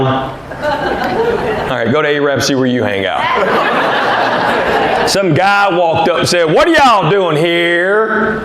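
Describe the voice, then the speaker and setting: A middle-aged man with a Southern American accent doing stand-up, a drawling storyteller who acts out the voices in his stories. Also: on the high side. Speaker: stand-up comedian. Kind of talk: stand-up routine. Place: theater stage with live audience. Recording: echoey venue with audience noise.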